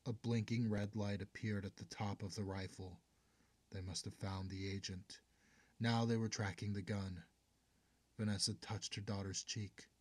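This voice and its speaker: A man narrating an audiobook in a steady, measured way, going hushed in tense passages. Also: fairly low pitch, no echo.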